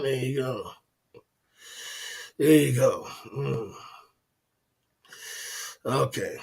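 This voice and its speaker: A middle-aged man, hosting a livestream and lecturing his viewers bluntly in a casual, repetitive way. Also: mid-range voice. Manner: blunt and lecturing, repeats "you know what I'm saying". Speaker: livestream host.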